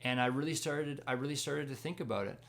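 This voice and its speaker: Young man, mid-pitched with some vocal fry, relaxed storyteller sharing his faith testimony. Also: fast talker. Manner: storytelling, acts out dialogue, laughs at himself. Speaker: Christian speaker sharing testimony. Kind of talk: casual spoken testimony.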